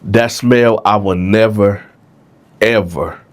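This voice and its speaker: A man with a lowish voice tells a jail story slowly and casually. He keeps addressing his listeners conversationally, frequently checking in with "right?"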